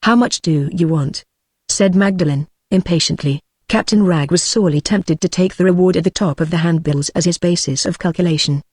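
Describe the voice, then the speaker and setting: A text-to-speech woman's voice with a British English accent, reading a classic novel aloud at a steady, measured pace without voicing the characters. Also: fairly low pitch, slightly rough, dry recording, studio quality. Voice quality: synthetic, evenly paced. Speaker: audiobook narrator.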